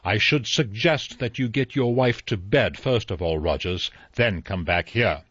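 A man reading an audiobook, voicing an elderly judge who speaks dryly and with measured authority. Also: fairly low pitch, a bit bright, husky, no room sound. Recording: slightly dull dry recording.

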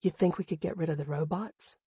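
A man voicing a sharp-tongued, exasperated young woman in an audiobook. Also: high voice, fairly quick, dry recording, dull audio, pitched above the performer's own voice. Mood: hushed. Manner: blunt, sarcastic.

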